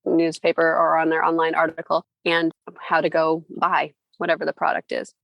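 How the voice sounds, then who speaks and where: A middle-aged woman, a former publicist, telling her story in a relaxed, chatty interview. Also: low-pitched, normal speed, vocal fry, no echo, highs cut off. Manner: chatty, acts out quoted people. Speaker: guest, former entertainment publicist.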